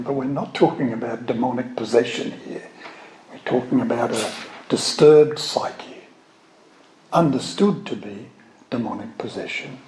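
A man preaches a sermon conversationally, mixing wry asides with emphatic readings of scripture. His voice is medium-pitched and darkish. The room is echoey, with faint ambient noise in the background.

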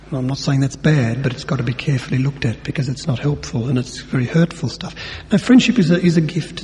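A man's voice: mid-range voice, warm tone. A man preaching a sermon in a conversational way, slipping into everyday speech as he acts out dialogue. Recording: long hall reverb, faint hum.

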